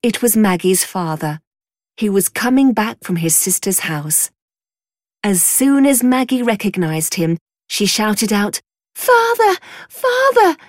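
Slow, measured woman storyteller. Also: mid-range voice, lively intonation, a little mellow, no echo, studio quality. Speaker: narrator. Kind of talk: storybook narration.

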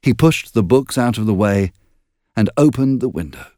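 A man narrating an audiobook in an expressive, measured storytelling manner. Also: mid-range voice, no echo, clean studio sound.

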